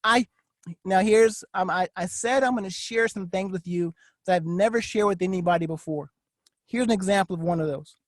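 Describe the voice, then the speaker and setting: A man coaching in a motivational vlog, pressing each point with emphatic repetition in a preacher-like cadence. He drops into a low, confiding tone for his asides. The room is completely dry, with no echo at all. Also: moderate pace. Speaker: network marketing coach.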